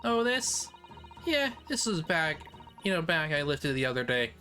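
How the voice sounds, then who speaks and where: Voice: mid-range voice, very animated, normal speed, sharp tone, faint music behind, pitched above the performer's own voice. A streamer voicing a brash young female pickpocket with a southern English accent while reading a game aloud. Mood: chirpy. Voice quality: brash, streetwise.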